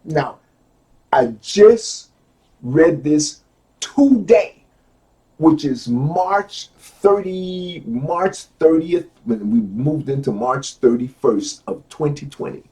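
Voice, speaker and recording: A middle-aged man giving a lecture from a book, repeating key phrases slowly and swinging from low asides to loud exclamations. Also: lively intonation.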